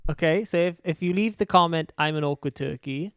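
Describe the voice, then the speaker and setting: South welsh guy cohosting, jokey and easygoing, smooth clear voice, dry mic. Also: on the high side, fairly quick, fairly bright tone, no room sound. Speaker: podcast co-host. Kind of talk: casual chat.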